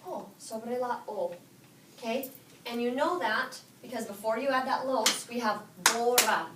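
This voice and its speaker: A woman teaching a high school Spanish class, quizzing her students and repeating their answers back to them. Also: normal speed, heavy background noise. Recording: echoey classroom from far off.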